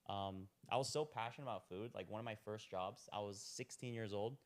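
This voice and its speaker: A man's voice: fairly low pitch, a little fast. A young man telling his story as a podcast guest in a laid-back, rambling way, full of "like". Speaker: podcast guest, restaurant owner. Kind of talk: casual chat.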